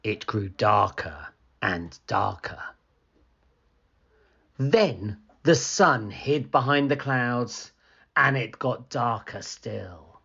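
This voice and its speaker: A man reading a children's picture book aloud as a storyteller, with an expressive, slow storytelling manner. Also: lowish voice, creaky, husky, highs cut off.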